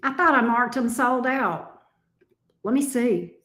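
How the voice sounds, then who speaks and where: A woman's voice: a little high, lively intonation, takes it slowly, fairly bright tone. A woman reading tarot on a casual livestream, sleepy and affectionate with her viewers. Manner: drawling and affectionate, sleepy, calls viewers love bug and honey. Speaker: tarot reader. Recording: roomy echo.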